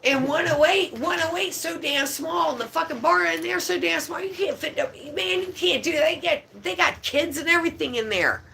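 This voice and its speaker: A woman's voice: extremely high pitch, fairly quick, creaky, hardly any pauses, pushed and bright. A woman venting in heated, profane rants while chatting at home.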